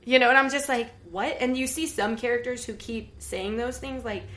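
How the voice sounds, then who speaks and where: A woman co-hosting a casual podcast chat, telling stories in an animated, chatty way. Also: fairly high pitch, moderate pace. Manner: chatty, animated storytelling with laughs. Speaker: podcast co-host.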